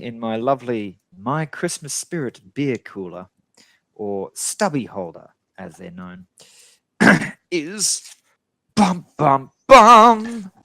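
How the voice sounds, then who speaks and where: A man's voice: mid-range voice, big pitch swings, moderate pace, creaky, no room sound. A man co-hosting a casual live-streamed talk show with dry, wry humor. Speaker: co-host.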